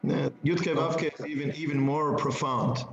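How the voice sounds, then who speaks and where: Male teacher leading a text study; deliberate and emphatic; somewhat raised pitch, echoey lo-fi room sound. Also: steady tone, creaky, a little hiss or hum. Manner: slow, deliberate, emphatic on key words; asks class questions. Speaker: Torah teacher.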